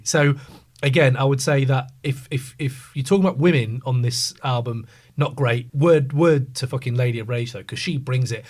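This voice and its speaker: A man in a casual podcast debate, talking with animated emphasis and plenty of swearing. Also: medium pitch, normal speed. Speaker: podcast panelist.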